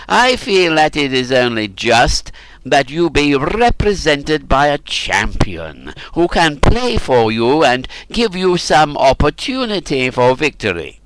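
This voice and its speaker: A man voicing a cruel, mocking male ruler in an audiobook, speaking loudly and commandingly with drawn-out phrases. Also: medium pitch, sing-song, no room sound, voice pushed up, rough recording. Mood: cruel command.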